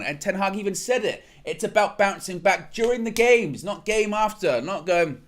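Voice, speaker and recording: An animated man hosting a fan show, venting his frustration in a loud, worked-up rant. His voice sits a little high for a man. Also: normal speed. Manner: animated, exasperated ranting. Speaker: football fan channel host.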